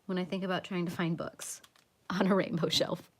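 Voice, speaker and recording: A woman's voice: lowish voice, fairly even intonation, moderate pace. A young adult woman hosting a casual coloring livestream, chatting in a rambling, self-mocking way with lots of repeats. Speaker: livestream host.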